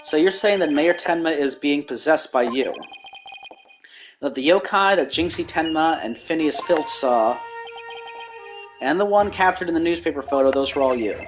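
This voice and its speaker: A man's voice: on the high side, animated, normal speed, soft background music, lightly acted. A man voicing a hesitant, stammering young male defense attorney in a courtroom game. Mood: anxious.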